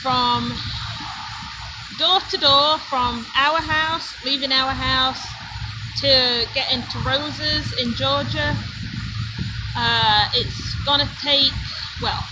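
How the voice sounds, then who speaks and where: A woman's voice: high voice, steady tone, slow, pauses often, background noise. A woman from Britain hosting a homesteading live stream, telling a road-trip story in a chatty way, laughing often and breaking off to talk to her children. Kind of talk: casual storytelling to viewers.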